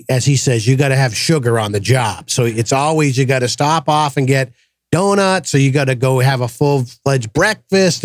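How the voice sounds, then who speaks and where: A man hosting a podcast, telling a personal story in a casual, animated way and acting out the voices of the people in it. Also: mid-range voice, dry recording. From grew up in the projects. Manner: animated storyteller, acts out quoted voices, frequent restarts. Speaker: podcast host.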